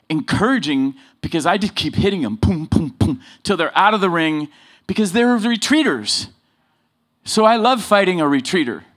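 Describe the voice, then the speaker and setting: A man preaching a sermon full of personal stories, swinging between loud emphasis and low asides. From Southern California.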